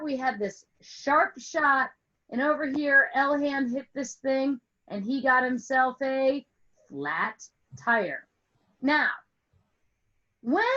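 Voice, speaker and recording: A woman music teacher explains a lesson with a playful story on an online call with screen share, asking questions and elongating words for emphasis. Her voice sits high with a fairly bright tone, though the audio is dull.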